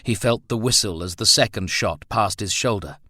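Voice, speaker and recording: A man narrating a thriller audiobook in a measured, steady reading. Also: fairly low pitch, no room sound, studio quality.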